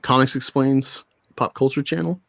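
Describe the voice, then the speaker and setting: A man's voice: mid-range voice, steady tone, normal speed, gravelly, fairly bright tone, no room sound, studio quality. A man chatting casually on a podcast, giggling often and talking with lots of energy. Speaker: podcast co-host.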